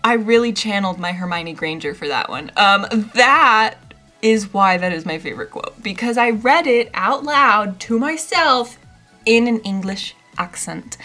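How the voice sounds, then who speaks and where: A young woman chats about a book in a relaxed, rambling way. Her voice is bright and forward, with ums filling the gaps. Soft music plays faintly behind her. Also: mid-range voice, measured pace. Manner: chatty, rambling, with frequent ums. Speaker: book reviewer. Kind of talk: casual chat.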